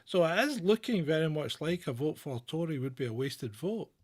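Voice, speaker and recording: A man's voice: a little high, lively intonation, fairly quick. A man hosting a live political show, chatting casually with many fillers and restarts.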